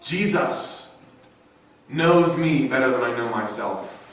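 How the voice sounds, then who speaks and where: A man's voice: mid-range voice, lively intonation, takes it slowly, slight background noise. A man preaching a sermon, dramatically voicing quoted thoughts and the words of the people he tells about. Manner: dramatic, acts out quoted voices. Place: church sanctuary. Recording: echoey church hall from a distance.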